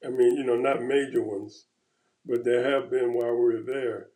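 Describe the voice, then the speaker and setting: A man's voice: medium pitch, fairly even intonation, moderate pace, mellow. A man chatting casually in a laid-back, reflective way. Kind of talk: casual chat. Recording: echoey room.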